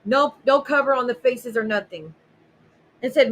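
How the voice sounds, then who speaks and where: A woman's voice: a little high, moderate pace, a bit bright, poor audio. Sarcastic, foul-mouthed woman livestreaming. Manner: blunt, sarcastic, swears freely. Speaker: livestream host. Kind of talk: casual livestream chat, reading viewer messages aloud.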